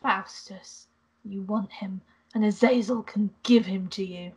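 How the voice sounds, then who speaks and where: A woman's voice: medium pitch, steady tone, unhurried, slightly rough. A woman reading a text game aloud, voicing a smug male spy with a put-on French accent, sly and teasing. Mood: persuasive. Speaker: guest reader.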